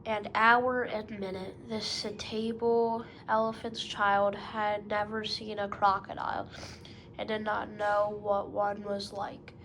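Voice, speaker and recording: A woman's voice: medium pitch, little pitch movement, slow, fairly bright tone, a little hiss or hum, low-quality recording. A woman storyteller narrating a children's story, calling the listener "best beloved".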